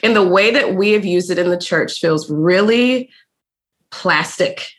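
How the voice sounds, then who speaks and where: A woman's voice: on the low side, unhurried. A woman from the US Northwest co-hosting a podcast, speaking in a casual, earnest and reflective way. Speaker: podcast co-host. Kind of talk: casual chat.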